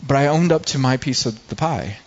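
Man preaching a sermon, middle-aged pastor, earnest storytelling, mid-pitched voice, slightly dull lo-fi recording. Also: animated, fairly quick. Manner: earnest, personal storytelling with many restarts.

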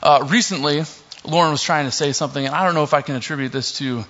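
Fast and fairly high-pitched, a young man gives a laid-back sermon, reading scripture and joking as he goes. Fillers come often, and the muffled lo-fi recording sounds dull.

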